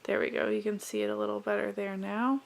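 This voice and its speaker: This young woman is a beauty vlogger doing a casual makeup declutter, offering chatty, rambling, friendly commentary on each product. She speaks quickly in a mid-range voice with flat delivery and vocal fry.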